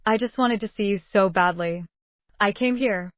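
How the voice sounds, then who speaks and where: A woman's voice: mid-range voice, normal speed, no room sound, dull audio, lightly acted. A woman voicing a clueless, controlling middle-aged mother who talks in a nonchalant, wheedling way. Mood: pleading.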